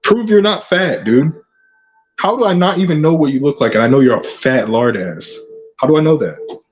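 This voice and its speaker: A man's voice: mid-range voice, animated, brisk, darkish tone, muffled recording, faint music behind. A man hosting his own channel, delivering an aggressive, profane rant full of taunting insults. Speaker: channel host. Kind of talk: ranting vlog monologue.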